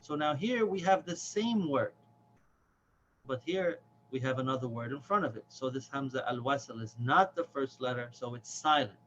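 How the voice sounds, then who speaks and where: A man giving a patient step-by-step lesson on Quran reading, stretching the example words out slowly. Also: medium pitch, expressive, fairly bright tone. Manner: patient, slow, drawn-out chanted examples. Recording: dull lo-fi with faint hiss.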